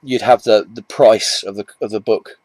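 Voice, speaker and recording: A man's voice: lowish voice, steady tone, normal speed, a little mellow, no room sound. Chatty English man rambling to camera. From England. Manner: rambling, chatty, restarts often, self-mocking asides. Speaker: comic collector vlogger. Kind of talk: casual chat to camera.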